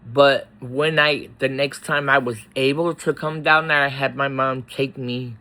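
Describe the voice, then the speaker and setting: Slow, halting man, choked up. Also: medium pitch, fairly even intonation, sharp tone, low-quality recording. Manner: slow, halting, with many pauses and fillers. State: tearful, choked up. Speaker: faith vlogger. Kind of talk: personal emotional vlog.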